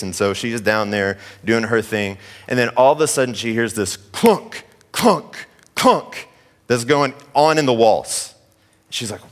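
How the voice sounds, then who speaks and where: A man in his thirties preaching a sermon, telling a family story in a lively, conversational way. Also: mid-range voice. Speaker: pastor.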